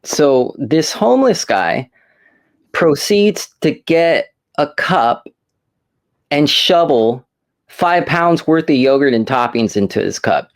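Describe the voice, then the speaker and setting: A man's voice: fairly high pitch, animated, slow. A man hosting a casual chat, telling a rambling story and restarting his sentences. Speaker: host.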